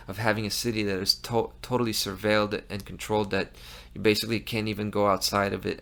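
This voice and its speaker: Gravelly man ranting on a commentary show. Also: lowish voice, fairly bright tone. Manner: heated, emphatic, frequent restarts. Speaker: host. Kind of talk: impassioned commentary monologue.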